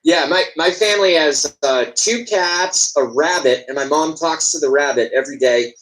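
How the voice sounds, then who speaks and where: A man with a fairly high voice calls into a live show over a video call. He tells goofy stories, stumbling and restarting as he goes. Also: normal speed, a bit bright, low-quality recording. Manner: storytelling, goofy, hesitant restarts. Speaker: call-in guest.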